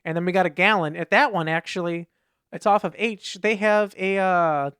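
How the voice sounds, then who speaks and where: A man's voice: high voice, normal speed, a bit bright, smooth, dry recording, clean studio sound. A man co-hosting a podcast in casual chat, rambling through anecdotes and acting out what people said in raised voices. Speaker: podcast co-host.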